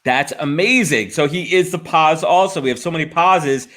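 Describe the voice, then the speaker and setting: A man's voice: a little high, moderate pace, a bit bright. An American man hosting a live podcast stream, talking energetically and playfully. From United States. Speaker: podcast host. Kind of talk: casual live-stream chat. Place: home office in New York City.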